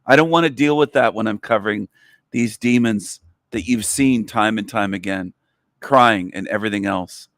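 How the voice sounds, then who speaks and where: A man's voice: fairly low pitch, moderate pace, a bit bright, no echo. Man, livestream host, angry profane rant, scolding viewers, dry close sound.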